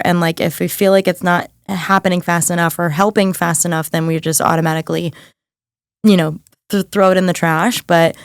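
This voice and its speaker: A young woman speaks in a lowish voice as a podcast guest, chatty and earnest, leaning on "like" as she gives encouraging advice. The sound is dry and close, with no room around her. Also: clear, resonant tone, no room sound. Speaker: guest, mindset and nervous system coach. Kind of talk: casual podcast chat.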